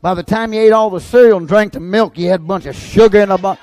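A male pastor preaching a sermon, swinging from loud, excited shouts to low, intense asides. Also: quick pace.

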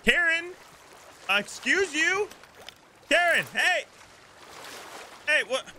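A man streaming a game, excitable commentary full of yelps and shouts at the action. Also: very high voice, slow pace. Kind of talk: live gameplay commentary. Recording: loud game sea and boat noise behind.

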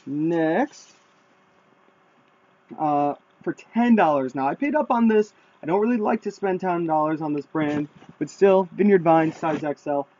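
A man casually showing off his thrift haul to viewers, chatty and excited, in a room at home. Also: on the high side. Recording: dull lo-fi sound.

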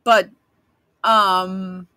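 A woman's voice: mid-range voice, little pitch movement, very slow, bright, forceful tone, no echo. A woman vlogger giving rambling, blunt commentary over video clips, with many restarts and frequent swearing. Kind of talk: casual commentary while playing clips.

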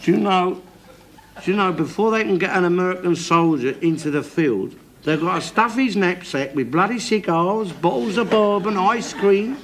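An actor playing a bigoted, middle-aged father who rants in loud, swearing tirades. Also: high voice, normal speed. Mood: ranting. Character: bigoted middle-aged working-class London father, ranting. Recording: noisy old TV sitcom soundtrack.

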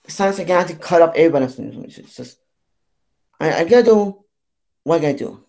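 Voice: mid-range voice, animated, a little fast, darkish tone. Fed-up young vlogger ranting. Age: 20s. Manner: fed-up, rambling and repetitive, with swearing and false starts. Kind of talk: ranting vlog monologue.

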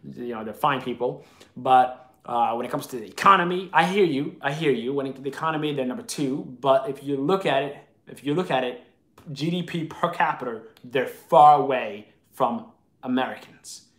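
A man's voice: medium pitch, normal speed, echoey room. A man hosting a live video chat, answering viewer comments in an opinionated, argumentative way.

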